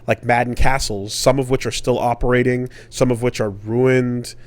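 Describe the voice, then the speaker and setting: A man's voice: mid-range voice, little pitch movement, moderate pace. A man co-hosting a podcast, telling a long casual story full of fillers and swearing. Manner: rambling and profane, with many fillers. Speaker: podcast co-host.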